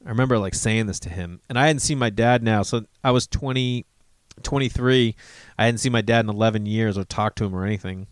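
A man's voice: lowish voice, brisk, clean tone, no echo. An American comedian in his forties tells a rambling personal story, swearing freely and acting out bits of quoted dialogue. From United States.

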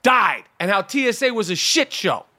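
A man's voice: sits high, sing-song, normal speed, sharp tone, dry recording. A man co-hosting a podcast in casual chat, profane and full of stumbling restarts. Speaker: podcast co-host.

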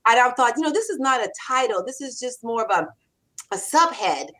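A woman in her sixties, a copywriter and author, talking in an animated interview and acting out quoted lines. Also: a little high, fairly quick, rough recording. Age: 60s. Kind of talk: conversational interview.

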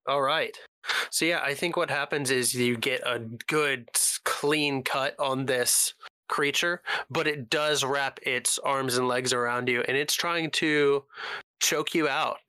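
A man running a tabletop game as game master, narrating at a relaxed, measured pace with frequent fillers. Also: medium pitch, clean tone, dry recording.

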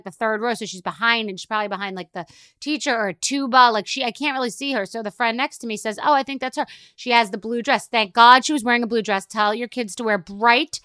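A woman's voice: on the high side, sharp tone, clean tone, no room sound. A middle-aged woman hosting a podcast, telling a rambling, exasperated story in a solo rant. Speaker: podcast host.

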